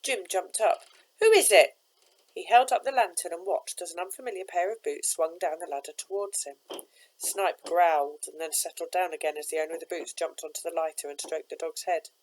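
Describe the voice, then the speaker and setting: A woman, a teacher, reading a children's novel aloud with steady, expressive narration. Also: lowish voice, a little fast, poor audio.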